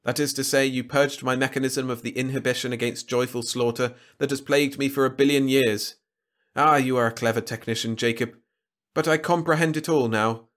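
A man's voice: mid-range voice, fairly even intonation, brisk, a bit bright, natural voice. A man voicing a grandiose, contemptuous ancient alien weapon in a storybook reading, speaking with lofty, pompous declamation. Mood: exultant.

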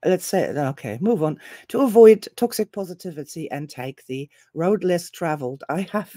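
A woman hosting a solo commentary video. She reads web pages aloud with deliberate pauses and adds sarcastic asides. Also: low-pitched, animated, dark tone, dry recording. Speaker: self-help author and video host.

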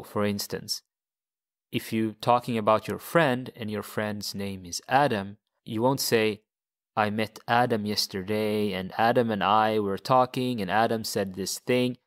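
A man teaching a language lesson step by step, patiently repeating phrases for learners. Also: fairly low pitch.

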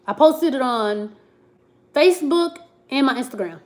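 A woman's voice: high-pitched, animated, a little slow, darkish tone. Chatty woman on a live stream. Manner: chatty, laughs often, Southern slang like "child" and "y'all". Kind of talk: casual live chat reading comments.

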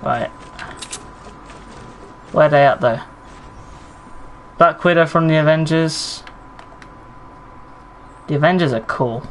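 A man's voice: on the high side, slow pace, long pauses, slight background noise, low-quality recording. A man streaming a battle royale game, chatting with viewers and commenting on his play, swearing under pressure. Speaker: gaming streamer. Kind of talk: live gameplay commentary.

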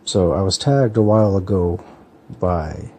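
A man in his thirties from California, chatting casually in a relaxed, hesitant way with lots of fillers and restarts. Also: deep voice, unhurried. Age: 30s. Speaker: book vlogger. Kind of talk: casual chat, answering a tag.

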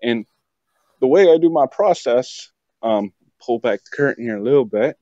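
A man's voice: medium pitch, animated, moderate pace, warm tone, dry recording. A young man from West Virginia, a podcast guest, chatting casually with joking, rambling asides. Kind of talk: casual chat. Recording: dull lo-fi dry sound.

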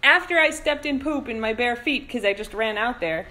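A dog-owning vlogger stands by the sea, chatting to the camera and tossing playful remarks to her dogs as she tells a lively tale. She speaks at a moderate pace in a slightly high voice.

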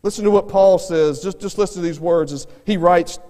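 A man's voice: high-pitched, fairly quick, dark tone. A man preaching a revival sermon as an evangelist, earnest and given to repeating words as he starts his phrases. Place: church sanctuary. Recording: long church reverb.

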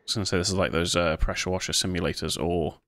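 A man's voice: low-pitched, fairly even intonation, quick pace, fairly bright tone, poor audio. A young man giving jumpy, self-mocking commentary while playing horror games, with sudden yelps. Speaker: gaming video host.

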